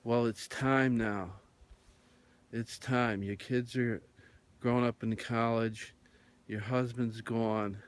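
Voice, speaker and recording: Brief: man doing a coaxing angel-like visitor, slow and low-key, mid-pitched. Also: fairly even intonation, clear, resonant tone, lightly acted. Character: gentle angel-like male dream visitor.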